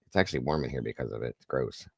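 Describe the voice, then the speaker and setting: Goofy deep-voiced male stream host. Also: racing, creaky, husky, no room sound, clean studio sound. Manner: goofy, cornball greeter; shouts out viewers by name. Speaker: livestream host. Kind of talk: casual livestream chat.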